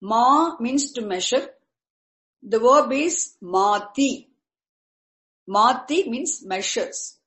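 A woman teaching Sanskrit terms, speaking deliberately and repeating each key word. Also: on the high side, lively intonation, fairly bright tone. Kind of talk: slow explanatory lecture. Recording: echoey room.

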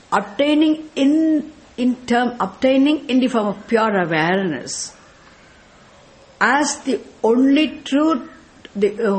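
A woman's voice: fairly high pitch, a little mellow. A woman from South India with a South Indian accent, giving a scriptural lecture as a spiritual teacher and quizzing her listeners with rhetorical questions about Sanskrit terms. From Tamil Nadu, India.

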